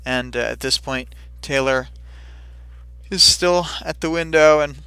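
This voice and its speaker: A man's voice: mid-range voice, fairly even intonation, slow, vocal fry, long pauses, sharp tone, smooth, no echo. A man casually recapping a story chapter on a livestream, rambling with many fillers and brief silly voices for the characters. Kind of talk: casual recap of a fight scene.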